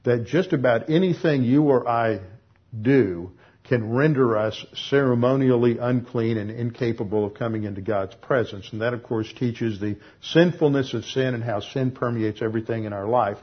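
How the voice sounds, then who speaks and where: A man teaching through a passage of Scripture in a measured, explanatory way, often pausing with "uh" and correcting himself mid-sentence. His voice is husky and sits at a middle pitch. The recording sounds dull and lo-fi. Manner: measured, with frequent "uh" pauses and self-corrections. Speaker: Bible teacher. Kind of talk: expository Bible teaching.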